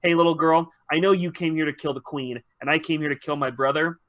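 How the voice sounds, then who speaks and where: Gruff scarred warrior, blunt, profane, weary, as a podcast host puts him on. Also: male voice, on the high side, fairly even intonation, a little fast, fairly bright tone, close to an everyday voice.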